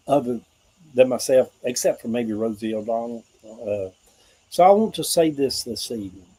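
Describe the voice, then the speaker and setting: A middle-aged man from the American South, his mid-range voice mellow and slightly rough, speaks through poor audio. He hosts a livestream about hope and faith, earnest and meandering in a preacherly way, with frequent remarks to his viewers.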